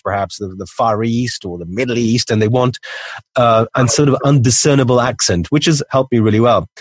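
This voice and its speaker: Male voiceover guest, transatlantic neutral accent, husky voice, dry close recording, chatty. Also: mid-range voice, no room sound. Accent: international English, mixed. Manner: chatty, many restarts, candid. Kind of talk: casual panel talk.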